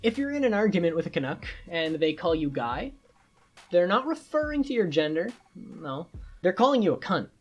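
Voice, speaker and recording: A woman's voice: on the low side, very animated, moderate pace, muffled recording, soft background music. A young woman, giving a sarcastic, crude comic explainer to her channel's viewers. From Canada. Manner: sarcastic, playful and crude, slipping into mock voices. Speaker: YouTuber. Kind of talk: comedic explainer monologue.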